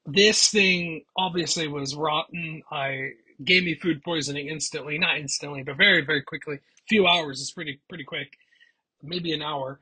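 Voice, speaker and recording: A man's voice: fairly high pitch, moderate pace, sharp tone, breathy edge, rough recording. A man vlogger telling a personal story in a chatty, rambling way with frequent restarts. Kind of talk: casual storytelling.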